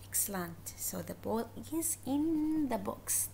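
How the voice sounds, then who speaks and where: A woman teaching English to young children, repeating simple words slowly and encouraging her pupils. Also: medium pitch, expressive, creaky, warm tone, a little hiss or hum. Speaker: first-grade English teacher.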